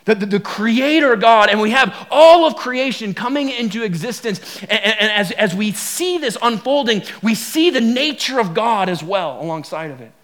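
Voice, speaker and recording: A male pastor preaching with a very high voice. He is emphatic and repetitive, and he keeps asking the congregation questions as he drives each point home. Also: lively intonation, moderate pace, hardly any pauses, fairly bright tone. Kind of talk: sermon.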